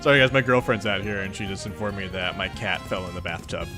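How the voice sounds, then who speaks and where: A man's voice: deep voice, quick pace, music in the background. A man reading a webcomic aloud in a casual read-along, chatting and reacting to it and laughing often. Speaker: webcomic reader.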